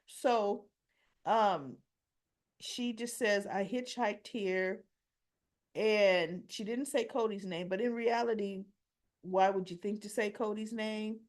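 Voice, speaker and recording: A woman with a medium-pitched voice talks through a soap opera episode in a casual, gossipy way. She is opinionated and chatty, and she slips into the characters' lines as she retells each scene. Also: takes it slowly. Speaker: soap opera recap host.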